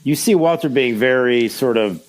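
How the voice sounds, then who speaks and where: A man's voice: mid-range voice, moderate pace, rough recording. A man co-hosting a podcast, chiming in with short comments while a film is recapped. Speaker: podcast co-host. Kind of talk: casual movie recap.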